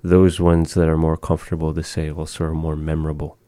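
A man with a very low, mellow voice walks a learner through new words. He speaks slowly and patiently, modeling each word with care. The sound is dry and close. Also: level tone, no echo. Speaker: language teacher. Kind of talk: conversational language lesson.

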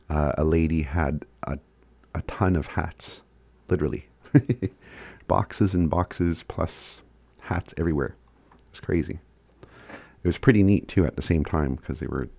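A man teaching phrases in a casual recorded lesson, chuckling often and sounding words out slowly. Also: deep voice, creaky, darkish tone, no echo. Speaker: language teacher.

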